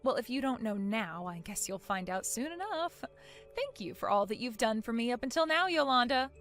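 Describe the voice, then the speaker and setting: A woman voicing a calm, sarcastic young woman who talks softly and coolly in an animated story. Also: fairly high pitch, normal speed. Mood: cold. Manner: soft, cool, sarcastic. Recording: faint music underneath.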